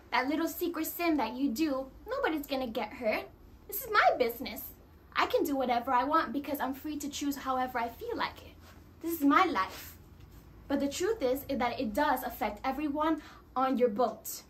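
Her voice high and her pace moderate, a woman delivers a sermon to the congregation with animation, performing the voices of those she quotes.

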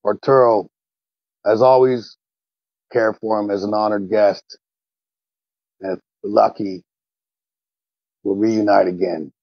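A man plays a blunt, determined hero in a tabletop game, his voice gravelly and husky. His lines are clipped and resolute, recorded on a dull, dry, lo-fi mic. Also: on the low side, steady tone, slow pace, long pauses, no echo.

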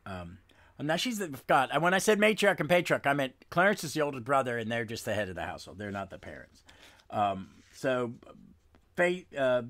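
A man's voice: mid-range voice, big pitch swings, moderate pace, a bit bright. A man hosting a podcast, giving a casual, rambling recap of a comic book issue, with frequent restarts and trailing asides. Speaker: podcast host.

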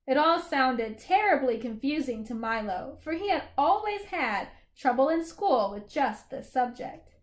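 Woman narrator with a high, light voice for a children's novel read-aloud. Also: measured pace, few pauses. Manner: steady storytelling narration. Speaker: reader.

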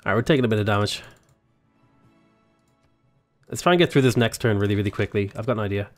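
A young Australian gaming YouTuber rambles through casual let's-play commentary on a strategy game, chatting to his units as he goes. His voice is fairly low and quick, with faint music in the background.

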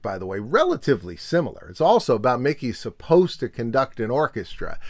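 A man hosting a nostalgia video, chatty and animated, reading a storybook aloud with commentary. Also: mid-range voice, no room sound, studio quality. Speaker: video host.

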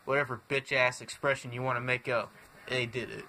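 Young man, bright forceful voice, angry profane rant to camera, faint room noise. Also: medium pitch, little pitch movement, brisk. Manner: swearing constantly, exasperated. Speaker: wrestling fan vlogger.

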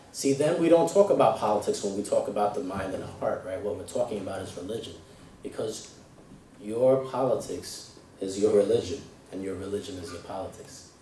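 A man, a deacon, delivering a sermon in a conversational way. He often checks in with the listeners and grows loud when he reads scripture aloud. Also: lowish voice, a little hiss or hum. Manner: conversational, asks "right?" and "okay?", rises loud when reading scripture. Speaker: deacon preaching. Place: church hall. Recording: echoey room, voice from a distance, faint ambience.

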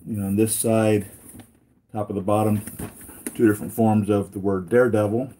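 A man with a low, mellow voice hosts a relaxed toy unboxing stream. He rambles easily, circling back on himself and tossing asides to whoever is watching. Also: normal speed, a little hiss or hum. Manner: rambling, easygoing, with many restarts and asides. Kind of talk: casual live unboxing chat.

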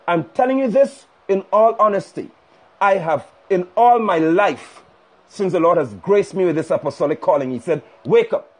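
A man's voice: high-pitched, animated, moderate pace, husky. A male preacher delivering a fiery, scolding sermon live over a phone stream. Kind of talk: sermon on a livestream. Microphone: phone livestream.

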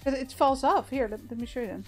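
A woman hosting a casual multiplayer gaming session, chatty and quick to laugh. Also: high voice, soft background music. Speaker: gaming channel host.

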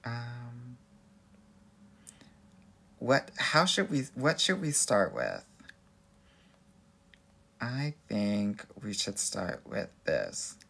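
A man's voice: mid-range voice, very animated, very slow, vocal fry, long pauses, fairly bright tone, breathy edge. Sassy man from Los Angeles chatting live. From Los Angeles, USA. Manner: sassy and playful, calls viewers honey and girl. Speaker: dating coach hosting a live stream. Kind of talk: casual live-stream chat reading out comments.

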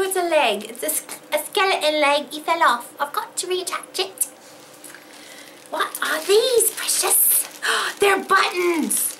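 A woman opening fan mail on her vlog, gasping and excitable, swearing freely in casual chat, overwhelmed with emotion. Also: high voice, a little hiss or hum.

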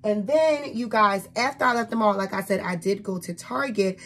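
A woman's voice: medium pitch, moderate pace, a bit bright. A young woman from New Jersey, a teacher, chatting casually to camera about the gifts she bought, with lots of "like" and "um" fillers. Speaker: vlogger.

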